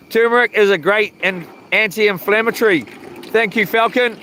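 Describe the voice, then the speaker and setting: Streaming live from the waterside, a man talks at a measured pace in a high, bright, forceful voice, with slight background noise. The fishing vlogger's chat is laid-back and full of slang, and he chuckles at his own jokes.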